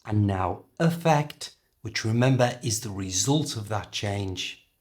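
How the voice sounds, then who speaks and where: Slow, lively British man teaching English. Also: fairly low pitch. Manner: careful, clear modelling of pronunciation. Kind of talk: language lesson.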